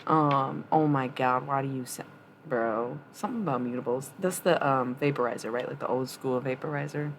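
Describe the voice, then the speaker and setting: Blunt low-voiced woman streamer. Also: steady tone, normal speed, slight background noise. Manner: blunt, profane tough-love talk; chatty, laughs often. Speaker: livestreamer. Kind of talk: casual live-stream chat.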